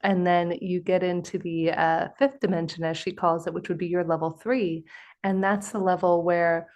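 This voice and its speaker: Woman host telling a lively story. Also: fairly low pitch, normal speed. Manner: animated storytelling with quoted voices. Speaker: podcast host. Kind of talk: conversational interview.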